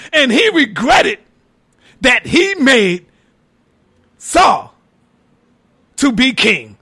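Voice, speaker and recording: A man giving a heated, profane preaching-style lecture, mocking his critics and often shouting for emphasis. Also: very high-pitched, very animated, extremely slow, pauses often, husky. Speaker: religious lecturer.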